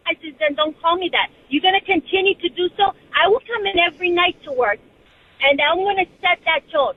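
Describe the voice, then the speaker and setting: A woman's voice: very high-pitched, lively intonation, slight background noise. A woman with a Portuguese accent, a native Portuguese speaker from Portugal, calling in to a radio show and ranting in a heated, defiant way. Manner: heated, defiant, rapid rant. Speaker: caller. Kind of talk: call-in radio talk. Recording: tinny phone line.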